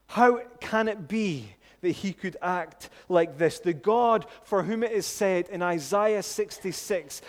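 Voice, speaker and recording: Male pastor, mid-high voice, slow, earnest sermon delivery with a long hall echo. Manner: earnest, slow and deliberate, dropping low and soft for emphasis.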